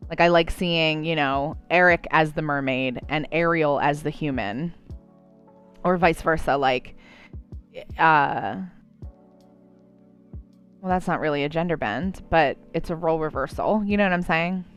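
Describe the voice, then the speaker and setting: A woman's voice: deep voice, unhurried, pauses often, faint music behind. A woman with a New Jersey accent, chatting casually and rambling while she draws on a live stream. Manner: chatty, rambling, many likes and you knows. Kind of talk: casual chat while drawing.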